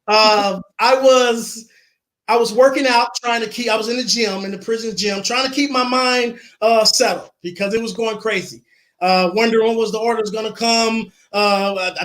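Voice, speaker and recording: A man's voice: high voice, steady tone, moderate pace, a bit bright. A man speaking as an interview guest, telling his own story earnestly and repeating phrases for emphasis. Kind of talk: personal storytelling in an online interview.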